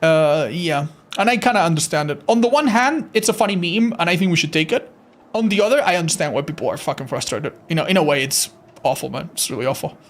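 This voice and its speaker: A man's voice: fairly high pitch, expressive, quick pace. A man chatting casually on a livestream, reading chat, swearing freely and laughing often; English is not his first language. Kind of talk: casual live-stream chat.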